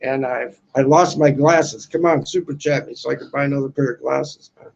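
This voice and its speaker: A man's voice: mid-range voice, steady tone, normal speed, creaky, a little mellow, muffled recording. A man in his sixties from the United States, rambling crudely on a casual livestream, tacking "man" onto his lines, outdoors on a balcony. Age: 60s. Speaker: livestream host.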